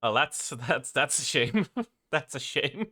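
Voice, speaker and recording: A man's voice: medium pitch, animated, slow pace, pushed and bright, slightly rough. A man from Sweden with a Swedish accent, chatting casually on a live gaming stream, laughing often, swearing and restarting his sentences.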